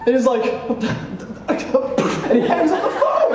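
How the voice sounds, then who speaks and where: A man performing a true story live on stage, animated, acting out the other people's lines and laughing as he tells it. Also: very high-pitched, slow pace, few pauses. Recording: echoey room, mic at a distance, faint background noise.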